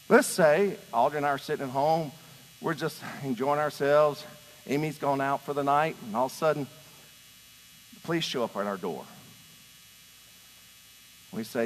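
Middle-aged male pastor, sermon delivery, moves between loud emphatic preaching and hushed storytelling, slightly high voice, long church reverb. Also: a little hiss or hum. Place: church sanctuary.

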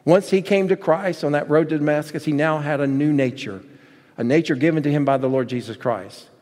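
A man preaching a sermon in an earnest, measured manner. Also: a little high, a little mellow. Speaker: pastor. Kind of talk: sermon with storybook reading. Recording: long hall reverb.

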